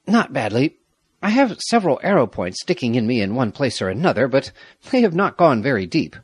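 A man reading the part of a brave, loyal young soldier, earnest and measured, with a husky voice. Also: mid-range voice, sing-song, dry recording, pitched above the performer's own voice. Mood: calm.

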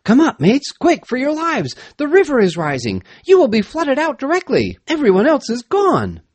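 A desperate young miner boy bellows warnings down a shaft, as a man puts him on in a storybook reading. The voice is pushed up high and loud, urgent and breathless with alarm. The recording is dry and close. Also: wildly swooping pitch, moderate pace, husky, no room sound, exaggerated voice.

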